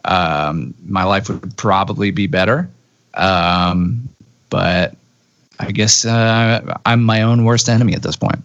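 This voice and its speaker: Laid-back British man, deep voice. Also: fairly even intonation, takes it slowly, fairly bright tone, no echo, highs cut off. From Britain. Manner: self-deprecating, laid-back. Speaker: musician guest. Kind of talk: casual interview chat.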